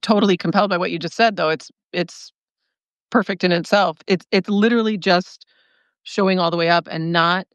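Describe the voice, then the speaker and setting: A woman's voice: fairly low pitch, fairly even intonation, a little fast, smooth, no room sound, lo-fi sound. Enthusiastic, affirming woman podcast host. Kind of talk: casual conversation.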